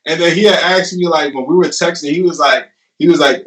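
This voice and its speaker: A man in his twenties, a guest, telling his story in a casual, animated way with laughter. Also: a little high, brisk. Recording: roomy, distant mic.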